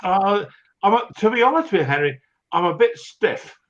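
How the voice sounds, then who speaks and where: A man's voice: sits high, lively intonation, moderate pace, highs cut off, slight background noise. Chummy man hosting a livestream. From Britain. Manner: rambling, chummy, stumbles over names. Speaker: livestream host. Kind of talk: casual live-stream chat.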